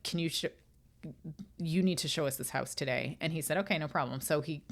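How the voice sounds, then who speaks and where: A middle-aged woman hosting her own podcast, talking candidly and emotionally with frequent swearing, close to tears. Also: low-pitched. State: tearful. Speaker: podcast host. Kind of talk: casual solo podcast monologue.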